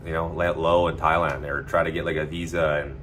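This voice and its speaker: A man with a very low, slightly bright voice rambles through a casual livestream chat, loose and profane and full of "like" and "you know." His tone is level and his pace quick, with a faint hum of noise underneath.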